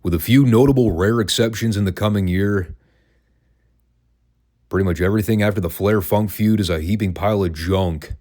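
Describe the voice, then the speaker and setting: Deep-voiced wry podcast host, man. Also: normal speed, darkish tone. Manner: wry, sarcastic, conversational. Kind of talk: casual commentary, solo podcast.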